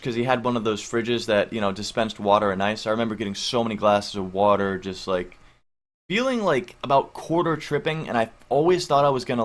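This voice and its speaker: A young man in his twenties tells a long personal story in a loose, rambling way. He leans hard on filler words and swears offhandedly as he talks, and his voice sits at an ordinary middle pitch. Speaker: vlogger. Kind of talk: casual storytelling.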